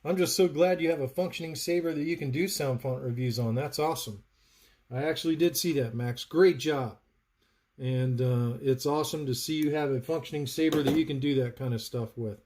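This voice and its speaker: A man's voice: medium pitch, fairly quick, a little mellow. A man hosting a live stream, chatting while he narrates soldering work and answers viewers. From North Carolina, US. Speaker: livestream host, saber builder. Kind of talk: live soldering tutorial chat.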